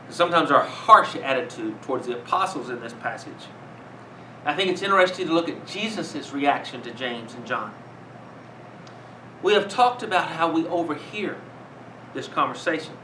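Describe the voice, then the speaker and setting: Older male preacher with a high, bright voice, earnest sermon delivery, recorded from a distance in a roomy hall. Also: a little hiss or hum. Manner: earnest, measured, with rhetorical questions. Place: room with a congregation.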